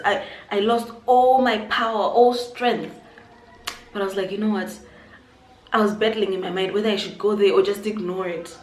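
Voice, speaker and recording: A young woman from Zimbabwe telling a personal story on her vlog, animated and acting out what people said. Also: mid-range voice. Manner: animated storytelling, acts out quotes. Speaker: YouTuber. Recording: echoey room, faint noise.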